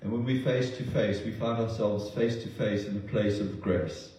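Man preaching, earnest and emotional, low mellow voice, echoey church hall, heard from a distance. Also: moderate pace, slight background noise. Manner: earnest, emotional, with repeated restarts. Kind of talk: sermon. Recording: roomy distant sound.

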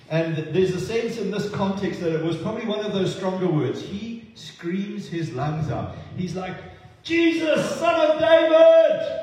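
A New man preaches a sermon, his slightly high voice stopping and restarting often with fillers. He sounds far from the mic, in a church hall with a long, roomy echo. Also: darkish tone. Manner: halting, with many fillers and restarts.

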